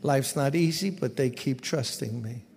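A man voicing God, speaking calmly and fondly of a faithful old couple. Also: medium pitch, measured pace, gravelly, long reverb tail.

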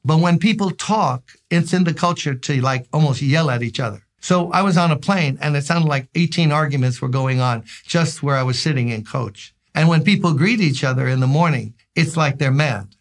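A male pastor gives a daily devotional, chatty and full of little stories. He leans into points with emphasis and keeps it conversational. His voice sits a bit higher than most men's. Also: moderate pace, hardly any pauses. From Brooklyn, New York. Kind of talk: devotional sermon.

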